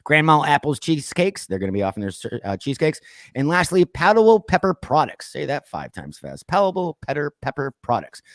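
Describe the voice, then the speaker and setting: A man's voice: fairly high pitch, big pitch swings, a little fast, no echo, clean studio sound. A man hosting a casual pop culture podcast, chatting loosely and reading off lists with plenty of fillers. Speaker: podcast host. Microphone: streamed call mic.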